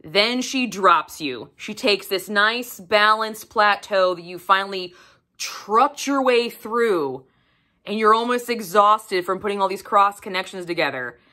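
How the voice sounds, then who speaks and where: Bright-voiced, profane woman reviewing a book. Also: medium pitch, a little slow. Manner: profane, animated, emphatic. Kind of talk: casual book review vlog.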